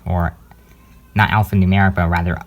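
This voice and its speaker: Low-voiced young man hosting a channel update. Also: level tone, a little fast. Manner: rambling, many fillers, hesitant. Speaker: host of a home-made news show. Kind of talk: casual scripted channel update.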